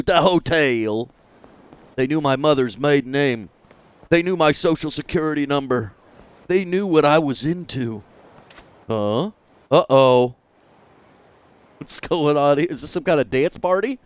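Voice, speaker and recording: Man doing loud, animated game voices. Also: on the high side, unhurried, clean tone, no echo. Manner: reads game lines in put-on voices, jokes and swears. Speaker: streamer playing and voicing a game. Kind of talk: let's play with voiced dialogue.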